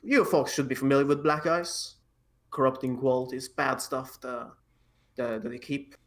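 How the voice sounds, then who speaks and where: A man's voice: mid-range voice, normal speed, a bit bright. A man playing a tabletop game, talking in character with formal, courtly phrasing. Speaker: player.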